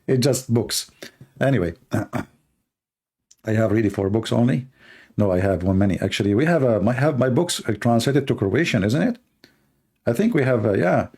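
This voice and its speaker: A man hosting a live stream, talking in a rambling, joking way with halting, broken grammar. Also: medium pitch, breathy edge. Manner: animated, joking, teasing, with halting non-native grammar. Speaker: live-stream show host.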